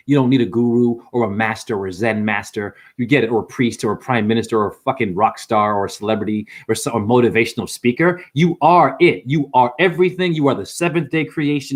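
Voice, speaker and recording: A man ranting to camera in an improvised, preachy monologue, swearing freely, firing off rhetorical questions and slowing down hard to hammer points home. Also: medium pitch. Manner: profane, emphatic, rhetorical questions; slows down hard for emphasis. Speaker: spiritual vlogger and store owner.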